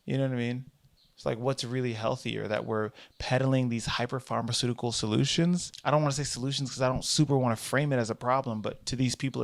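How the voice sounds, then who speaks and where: Gravelly-voiced man ranting to camera. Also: mid-range voice, no echo, clean studio sound. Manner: rambling, animated, self-correcting. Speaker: vlogger and comedian. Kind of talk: casual monologue vlog. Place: in transit, Boston.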